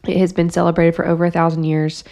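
A woman with a lower-pitched voice co-hosts a podcast in relaxed chat. She is chatty and good-humored and steers the conversation. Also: fast talker. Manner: chatty, warm-humored, leads the topic. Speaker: podcast co-host. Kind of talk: casual chat.

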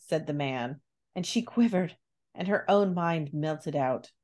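A woman co-hosting a podcast in casual chat, reading book excerpts with laughter. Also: sits low. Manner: slow, animated, laughing readings. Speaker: podcast co-host.

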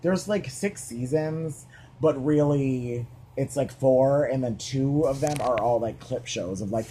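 A man's voice: mid-range voice, a little slow, warm tone, a little hiss or hum. A man co-hosting a podcast in casual chat, rambling with many "like" fillers and casual swearing. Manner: chatty, heavy "like" filler, swears freely. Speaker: podcast co-host.

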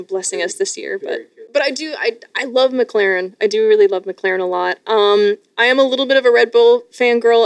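A young woman from Canada, a streamer guest, talking enthusiastically in casual podcast chat with lots of restarts. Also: mid-range voice. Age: young adult. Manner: enthusiastic, gushing with many restarts.

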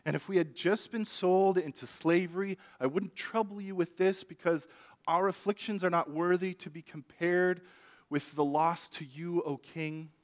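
A man's voice: high-pitched, fairly even intonation, normal speed, pitched above the performer's own voice, lightly acted. A man voicing a young queen pleading earnestly for her life and her people. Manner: impassioned, begging.

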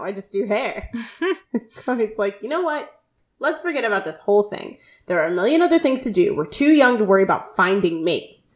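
Woman podcast co-host, chatty recap, laughs a lot, acts out quotes. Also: medium pitch. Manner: laughing often, quoting characters in lively voices. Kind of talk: casual recap chat.

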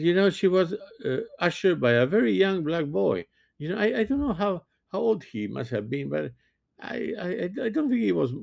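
A man in his sixties, a physician, giving a halting, earnest opinion monologue and often restarting his sentences. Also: on the high side, gravelly, a little mellow, dry recording. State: sleepy, yawning. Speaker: physician commentator.

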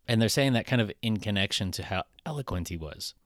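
A man's voice: lowish voice, expressive, fairly quick, dry recording, clean studio sound. A man preaching a conversational sermon in a casual, irreverent way. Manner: casual, irreverent, with frequent fillers and restarts. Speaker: pastor.

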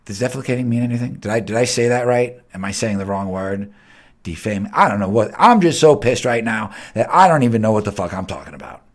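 A man hosting his own podcast, ranting heatedly with lots of swearing, jumping between loud outbursts and low mutters. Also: expressive, brisk. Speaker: podcast host. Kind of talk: unscripted solo rant.

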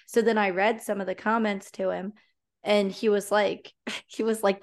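A woman hosting a casual podcast conversation, her pitch sitting in a medium range. She talks in a chatty way, telling personal stories with lots of fillers. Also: steady tone, moderate pace. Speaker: podcast host.

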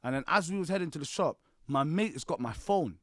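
A man's voice: fairly high pitch, expressive, fairly quick, fairly bright tone, no echo. A man in his twenties, a podcast guest telling a story in slangy talk and often laughing as he goes. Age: 20s. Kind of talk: animated storytelling.

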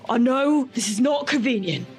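Woman putting on a gruff man's voice. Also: sits high, lively intonation, moderate pace, darkish tone, soft background music. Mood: blunt encouraging. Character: gruff man's voice in another's head, blunt.

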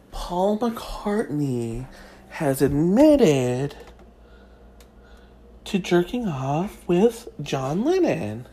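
A woman from Kentucky with a Kentucky Southern accent, hosting a crude, sassy comedic gossip monologue with drawn-out emphasis. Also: lowish voice, warm tone, slight background noise. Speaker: celebrity gossip host.

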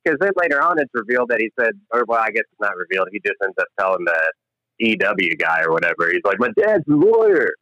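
Low-voiced man on a dull mic. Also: quick pace, sharp tone, no echo. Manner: laid-back, crude, laughing. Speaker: podcast co-host. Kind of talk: casual movie-review chat.

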